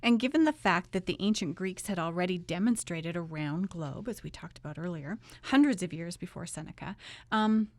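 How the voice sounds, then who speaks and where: A woman's voice: fairly low pitch, moderate pace, no echo. A woman co-hosting a religious talk show, attentive and affirming, laughing easily in casual conversation. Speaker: co-host.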